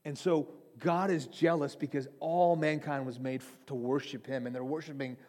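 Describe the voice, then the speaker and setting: A man's voice: mid-range voice, steady tone, normal speed, darkish tone. A man from Iran preaching a sermon, earnest and urgent, speaking straight to his listeners as he tells stories. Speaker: preacher and trainer of pastors. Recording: long hall reverb.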